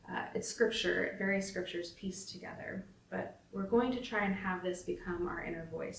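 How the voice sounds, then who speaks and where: A woman leading a spoken devotion, slow, gentle and reflective, inviting listeners into a prayerful practice. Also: fairly low pitch, a little hiss or hum. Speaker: devotion leader. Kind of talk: spoken devotion with scripture reading. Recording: roomy, from a distance.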